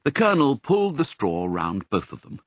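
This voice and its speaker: Casting: male audiobook narrator, very lively pitch, slightly husky, dry close sound. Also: no echo. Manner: expressive, measured storytelling.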